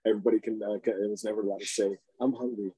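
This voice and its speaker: A man's voice: lowish voice, steady tone, racing, warm tone, breathy edge, dry recording, rough recording. A man co-hosting a podcast in casual chat, laid-back, mostly giving short wry replies. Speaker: podcast co-host.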